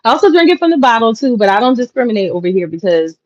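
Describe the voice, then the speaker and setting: A woman's voice: on the high side, very animated, rapid-fire. Chatty woman hosting a home livestream. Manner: chatty, laughs often, talks to viewers directly. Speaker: livestream host. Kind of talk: casual live chat reading comments. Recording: dull lo-fi livestream audio, dry.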